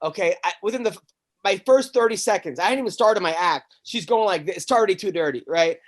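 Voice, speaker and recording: High-voiced man telling profane stories. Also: brisk. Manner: animated, profane, stammering restarts. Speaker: podcast host and stand-up comic. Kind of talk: casual chat, rambling storytelling.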